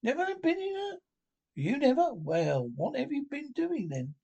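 Brief: man reading as an easygoing storybook water rat, lifted higher voice, eager exclamations. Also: very animated, moderate pace, darkish tone, slightly rough, dull audio, exaggerated voice. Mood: astonished. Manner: eager, exclaiming, raised pitch. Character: cheerful, dreamy male water rat, easygoing.

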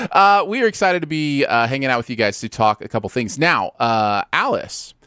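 Brief: male host, animated intonation, dry close sound, hesitant and friendly. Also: mid-range voice, smooth, dry recording. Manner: easygoing, filler-heavy, hesitant. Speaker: podcast host. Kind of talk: casual podcast chat.

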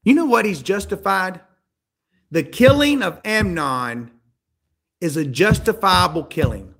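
High-voiced man preaching with animated questions. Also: a little slow, gravelly, slightly rough. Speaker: pastor. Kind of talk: sermon.

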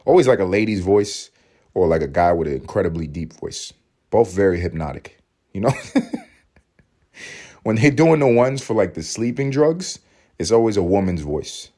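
A man's voice: sits low, very animated, normal speed, dark tone. A man hosting a podcast, delivering a casual comedic monologue as a profane, rambling rant with laughing asides. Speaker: podcast host.

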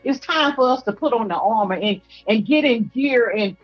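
Fervent woman preacher, husky and high. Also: lively intonation, normal speed, muffled recording, faint music behind. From Georgia, US. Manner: fervent, rhythmic preaching with repetitions. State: teary, voice breaking at times. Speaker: apostle, guest preacher. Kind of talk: preaching testimony.

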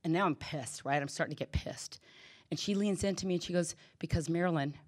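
A woman's voice: lowish voice, a little fast. A middle-aged woman giving a candid personal testimony at a recovery meeting, telling stories and acting out the quoted dialogue.

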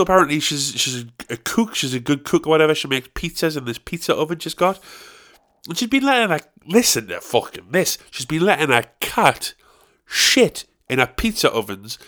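A man's voice: medium pitch, sharp tone. A man, ranting profanely and rambling as a podcast host. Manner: rambling, profane ranting with sudden outraged peaks. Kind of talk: casual chat.

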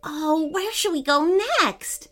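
A woman doing an excitable little girl. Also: sits high, takes it slowly, soft background music, pitched above the performer's own voice, heavily acted. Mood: excited.

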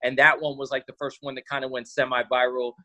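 Fast and lively, a man with a mid-range voice guests on a casual interview podcast, spinning stories and acting out each quoted line with animation.

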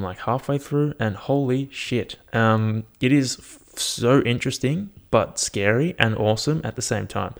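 A man's voice: lowish voice, creaky. A young man, hosting a solo podcast in a rambling, laid-back, sweary way. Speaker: podcast host. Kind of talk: casual solo podcast chat. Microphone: podcast microphone.

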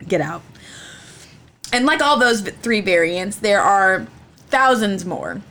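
A woman's voice: mid-range voice, expressive, takes it slowly, fairly bright tone. A woman co-hosting a podcast, retelling a legend in a jokey, casual way and swearing freely. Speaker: podcast co-host.

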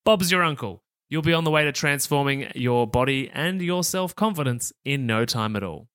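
A man's voice: medium pitch, animated, fairly bright tone, smooth, no room sound. A man hosts a podcast, bubbly and talkative, laughing readily between sentences. His voice sits in a middle register, recorded close and dry with no room sound. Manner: upbeat, chatty, quick to laugh. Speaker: podcast host. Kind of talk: enthusiastic podcast interview.

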